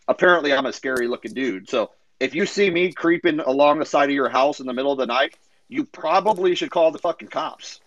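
A man ranting through a story in a loose online chat, mocking and foul-mouthed, voicing the other people in his tale with a sneer. His voice sits at a middle pitch, with a faint hiss of noise behind it. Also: fairly bright tone, muffled recording. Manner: profane, mocking, sarcastic. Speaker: guest in an online audio chat. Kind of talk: casual storytelling rant.

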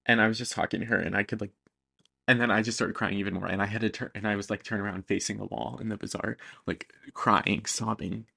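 A young man co-hosting a podcast, telling stories in an animated, chatty way and acting out what people said. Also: lowish voice, quick pace, gravelly, slightly rough. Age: young adult. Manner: animated storytelling with quoted voices. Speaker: podcast co-host. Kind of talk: casual chat.

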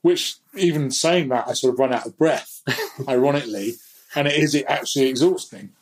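A man's voice: mid-range voice, moderate pace, low-quality recording. A man speaking as a guest in a candid, reflective conversation, sometimes laughing at himself. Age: adult.

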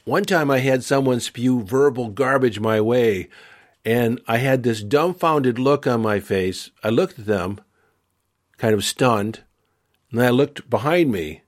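A man hosting a podcast, giving calm, earnest advice in a measured way. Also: mid-range voice. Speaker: podcast host. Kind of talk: advice talk.

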